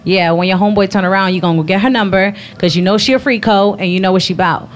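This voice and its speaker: A woman's voice: mid-range voice, quick pace. A woman in her thirties co-hosting a live podcast, frank and emphatic, often asking if listeners understand. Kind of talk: casual live-show chat.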